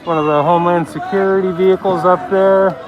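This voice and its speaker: A man from the Pacific Northwest giving rambling, casual live-stream commentary while filming a street protest on a handheld phone, often dropping to a low voice. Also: steady tone, brisk, lo-fi sound. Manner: chatty, rambling, often lowers his voice. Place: outdoors on a city street at a protest. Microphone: handheld phone camera. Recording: loud crowd noise around the speaker.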